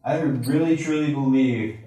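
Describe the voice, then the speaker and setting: A man sharing a personal testimony with a live audience, speaking in an earnest, halting way and acting out the voices of the people in his story. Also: medium pitch, warm tone, faint music behind. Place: large echoey room with an audience. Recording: echoey hall from far off.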